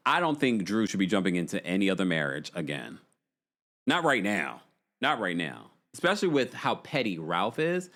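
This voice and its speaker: Lively-voiced man recapping reality TV. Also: on the low side, normal speed. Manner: chatty, reads viewer comments aloud and reacts. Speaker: recap show host. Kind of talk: casual livestream recap chat.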